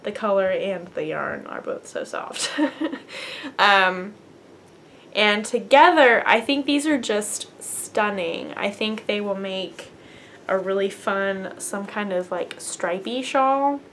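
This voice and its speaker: A woman's voice: mid-range voice, lively intonation, slow pace, fairly bright tone, slight background noise. Bubbly chatty woman. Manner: chatty and bubbly, fillers and laughs, talks to her cat. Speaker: knitting podcast host. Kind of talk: casual chat to camera. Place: apartment at home.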